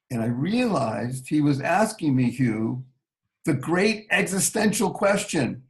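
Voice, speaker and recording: A man telling a personal story slowly and earnestly as an interview guest. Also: fairly high pitch, sing-song, poor audio.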